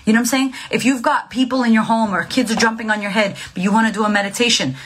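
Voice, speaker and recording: A woman's voice: on the high side, fast, a little hiss or hum. A woman, likely in her thirties, giving blunt, profane mental health advice in a casual, emphatic coaching monologue.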